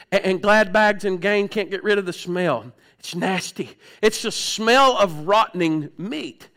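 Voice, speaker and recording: High-voiced animated preacher man. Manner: animated, swings from loud outbursts to hushed low tones; frequent throat clearing. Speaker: pastor. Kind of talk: sermon.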